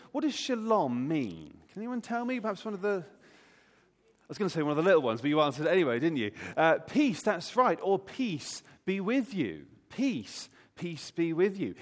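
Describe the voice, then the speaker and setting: A man leading an Easter all-age talk in church, playfully quizzing the congregation. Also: on the high side. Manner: lively and playful, quizzing the audience. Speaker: preacher. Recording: long hall reverb.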